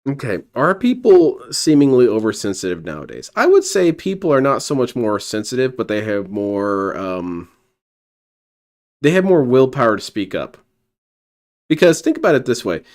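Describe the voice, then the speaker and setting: Male streamer, sarcastic and mocking, lively pitch, reacting to clips. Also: moderate pace. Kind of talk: reaction commentary.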